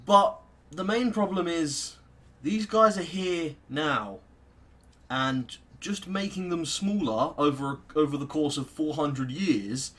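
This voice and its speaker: A man's voice: a little high, slow pace, a bit bright. A British man hosting a let's play, muttering casual gameplay commentary in a sarcastic manner and swearing freely. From Britain.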